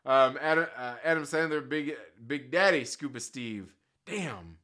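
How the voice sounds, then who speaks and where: Guy running a live stream, bright punchy voice, slangy and swearing, joking around with chat. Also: mid-range voice, animated, unhurried. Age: adult with children. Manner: slangy, profane and joking, laughs often.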